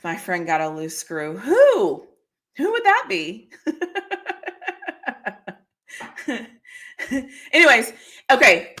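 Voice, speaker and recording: A woman's voice: a little high, huge pitch swings, extremely slow, long pauses, sharp tone. A woman hosting a casual livestream, chatting freely, often laughing and answering comments from the chat. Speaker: livestream host.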